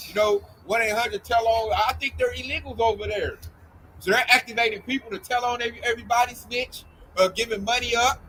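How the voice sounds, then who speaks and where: A man with a very high voice leads a casual religious group talk. He is animated and mocking. Faint noise sits under his voice. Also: low-quality recording. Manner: animated, mocking, acts out scared people.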